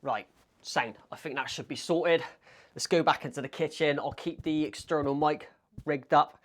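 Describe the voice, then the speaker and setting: A man with a strong Bristolian accent talks loosely and casually to his viewers while cooking in his flat, calling them mate and swearing freely. His voice sits a little high for a man. He is picked up on a small clip-on mic. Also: moderate pace. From England. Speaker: vlogger. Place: home kitchen in a flat. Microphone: small wireless clip mic.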